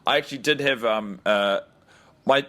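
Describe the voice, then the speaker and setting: A New man with a mid-range voice, co-hosting a casual podcast from home over a call. His delivery is dry and deadpan, with a mock-exasperated edge. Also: mid-range voice, moderate pace. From New Zealand. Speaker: podcast co-host. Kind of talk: casual chat. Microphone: remote call, home mic.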